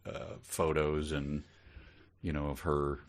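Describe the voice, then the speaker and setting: A man co-hosting a podcast, rambling playfully and quick to laugh while discussing a novel. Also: rumbling low, monotone. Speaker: podcast co-host. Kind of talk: casual comedic book discussion.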